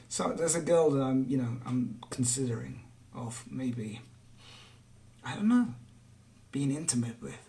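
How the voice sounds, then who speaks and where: A man's voice: mid-range voice, a little hiss or hum. A man rambling and swearing through a late-night livestream monologue, chuckling between remarks. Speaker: livestream host and musician.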